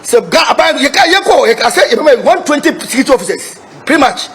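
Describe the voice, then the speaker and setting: Speaking for football club supporters in a press statement to reporters, a man with a Ghanaian accent talks emphatically and briskly, mixing Twi and English and repeating himself. His voice is very high-pitched and fairly bright, with big pitch swings.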